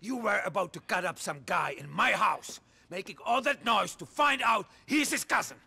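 An actor playing a volatile, hot-tempered crime boss with a gravelly, raspy voice, talking in an explosive, contemptuous way. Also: male voice, high-pitched, lively intonation, normal speed, pushed and bright, full character voice. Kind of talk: video game cutscene acting.

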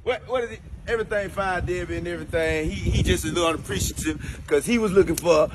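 Man, comedian, high voice, laid-back, chuckling, slangy. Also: fast talker, noisy background. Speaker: comedian in a sketch. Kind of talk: improvised comedy sketch.

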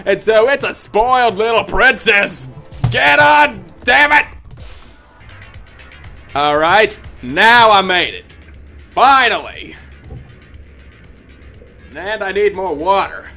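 A man with a high, very bright voice rants through gameplay commentary, swearing and yelling at the game, then drops to low muttering. He talks at an unhurried pace, with faint music behind him. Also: big pitch swings. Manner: ranting, yelling and cursing at the game; mutters low under his breath between outbursts. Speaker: gaming video creator.

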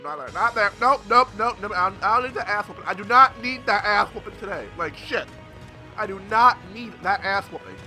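A young man giving loud, profane let's play commentary, yelling at enemies as he plays. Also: high-pitched. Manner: excitable, swears a lot, yells at enemies. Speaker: gameplay commentator. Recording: game music behind the voice.

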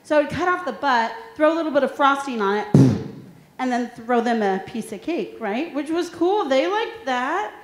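Lady giving a funny talk to a crowd, high voice, keeps asking the room questions, echoey. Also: normal speed, noisy background. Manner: lively storytelling, asks the audience questions. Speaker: workshop presenter. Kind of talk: humorous motivational talk to an audience. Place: large room with an audience.

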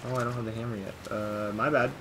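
A man's voice: on the low side, flat delivery, fast, background noise. A man hosting a let's play, talking through casual gameplay commentary and mumbling to himself as he reads game text aloud.

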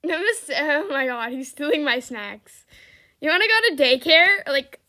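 A woman's voice: sits high, big pitch swings, a little slow, pushed and bright. A young woman giving casual, dramatic gameplay commentary, laughing often and exclaiming. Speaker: gaming video creator.

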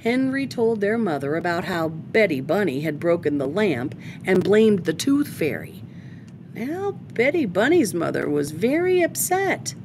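Slow, expressive woman reading aloud. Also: lowish voice, slight background noise. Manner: expressive, unhurried storytelling. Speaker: storytime host. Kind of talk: children's picture-book read-aloud.

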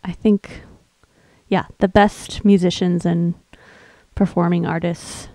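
A woman's voice: on the low side, flat delivery, slow, no room sound, rough recording. A woman hosting a music livestream, chatting casually and rambling between songs with a tired voice. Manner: chatty, rambling, soft and laughing.

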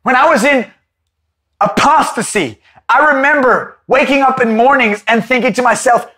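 High, bright-voiced fervent preacher man. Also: moderate pace. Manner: impassioned, at times shouting. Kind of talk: fervent Bible-study sermon.

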